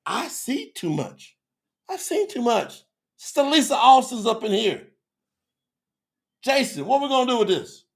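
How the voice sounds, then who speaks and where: A man with a high, gravelly voice teaches scripture live. He preaches with fervour and keeps calling out to the people in his chat. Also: very animated, a little slow, long pauses. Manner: fervent, preacherly, talks to the chat. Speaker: Bible teacher on a live stream.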